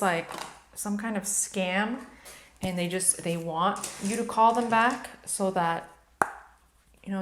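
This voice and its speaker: Woman, 30s, beauty vlogger, candid casual chat, medium pitch, echoey home room. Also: slight background noise. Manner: candid, chatty, emotional at times. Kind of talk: casual chat while doing makeup.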